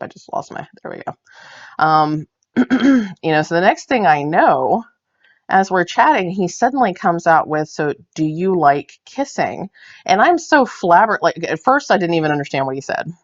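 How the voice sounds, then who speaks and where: A woman knitting vlogger telling a story in casual chat while she knits on camera. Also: low-pitched. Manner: chatty, tells anecdotes while knitting on camera. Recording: dull lo-fi sound.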